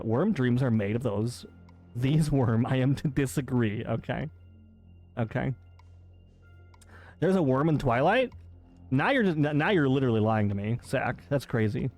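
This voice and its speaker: A man's voice: mid-range voice, a little mellow. A man streaming live, chatting casually with his chat, reading out messages and protesting their teasing in disbelief. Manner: teasing, incredulous, quick to protest.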